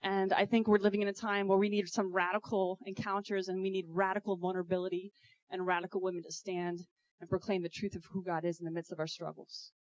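A woman's voice: mid-range voice, level tone, fast, muffled recording. A woman speaker at a conference giving an emotional, exhorting testimony that moves into prayer. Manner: emotional, exhorting, loud bursts; breaks into prayer. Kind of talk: preaching testimony.

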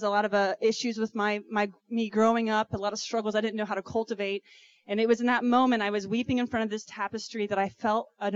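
A woman preaching at a conference, telling her story with raw emotion and rising to loud, fervent exhortation before leading a prayer. The sound is dry and a little dull, with no room echo. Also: mid-range voice, clean tone. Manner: breaks into prayer. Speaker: conference speaker. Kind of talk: preaching testimony.

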